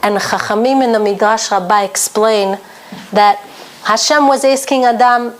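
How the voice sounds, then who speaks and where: A woman's voice: fairly high pitch, normal speed. A woman teaching a Torah lesson for women, earnest and emphatic, her talk full of Hebrew terms.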